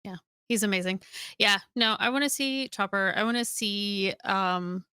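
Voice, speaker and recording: A woman co-hosting a casual podcast, talking excitedly with halting restarts. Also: mid-range voice, smooth, no room sound, clean studio sound. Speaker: podcast co-host.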